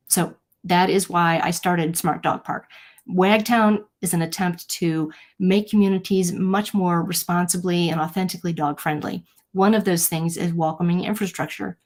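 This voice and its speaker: A woman with a slightly low voice hosts a live-streamed talk, speaking to her viewers in an earnest, personal way. She tells stories and acts out what people said with lively quoted voices. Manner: earnest, storytelling, animated quotes. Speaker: host.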